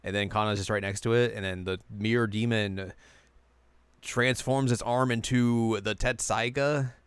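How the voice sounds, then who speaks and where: A man co-hosting a podcast, recapping an anime episode in casual chat and dropping into quick silly voices for the characters. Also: on the low side, steady tone, clean tone, dry recording. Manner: retells scenes with quick goofy character voices.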